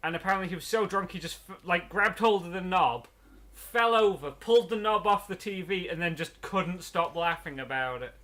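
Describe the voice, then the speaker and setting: This man hosts a let's play, talking casually over a video game with rambling stories and frequent laughter. He has a high, animated, slightly bright voice and keeps a moderate pace.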